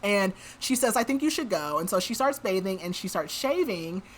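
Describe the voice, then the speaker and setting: A woman's voice: mid-range voice, expressive, normal speed, a little hiss or hum. A woman hosting a podcast, recapping a book in a casual, chatty way and saying "like" a lot. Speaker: podcast host.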